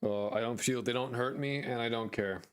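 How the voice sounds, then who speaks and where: A man's voice: mid-range voice, moderate pace, clean tone. An American man chatting on a live stream, rambling and jokey, with crude language. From United States. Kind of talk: casual live-stream chat.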